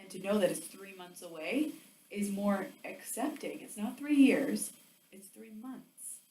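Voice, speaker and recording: A woman giving a motivational sales training talk, chatty and animated, full of "like"s and acted-out quotes. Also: medium pitch, a little slow. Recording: roomy echo, distant mic, faint ambience.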